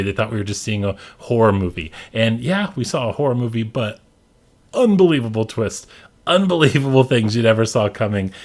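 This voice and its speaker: A young man hosting a casual movie countdown, enthusiastic and repeating his praise often. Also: lowish voice. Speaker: host.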